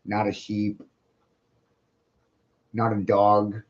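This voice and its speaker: Speaking in a lowish voice with completely flat delivery, this man gives slow, drawn-out solo commentary as a streamer. He rambles, swears, and keeps asking rhetorical questions like "right?" The sound is a dull lo-fi home recording.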